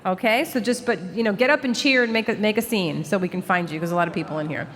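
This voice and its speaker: A woman's voice: mid-range voice, fast, a bit bright. A woman emceeing a live awards event on a handheld microphone, upbeat, chatty and playful with the crowd. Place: large banquet hall before a live audience. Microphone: handheld stage microphone. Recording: long hall reverb through a PA.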